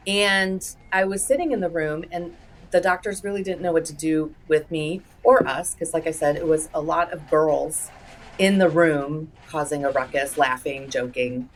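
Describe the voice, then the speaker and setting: Low-voiced woman telling her story. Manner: lively retelling with quoted dialogue and fillers. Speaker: guest, public health advocate. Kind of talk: storytelling in a podcast interview. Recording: distant mic with faint music.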